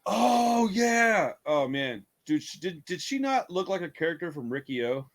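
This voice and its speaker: A man's voice: sits high, sing-song, measured pace, a little hiss or hum. A man casually retelling a horror film, rambling, laughing often and swearing freely. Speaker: podcast co-host reviewing a horror film. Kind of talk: casual profane chat.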